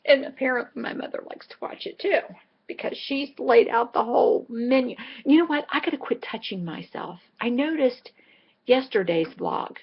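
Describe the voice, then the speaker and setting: A woman's voice: a little high, normal speed, creaky, slightly rough, muffled recording. A middle-aged woman vlogging in a casual, rambling way, telling a chatty story full of asides. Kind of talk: casual chat.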